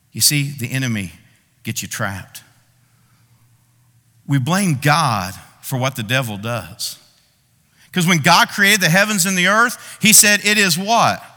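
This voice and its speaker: A man preaching a sermon, acting out people's complaints to God with dramatic pauses. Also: a little high, bright, forceful tone. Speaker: pastor. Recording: long reverb of a large hall.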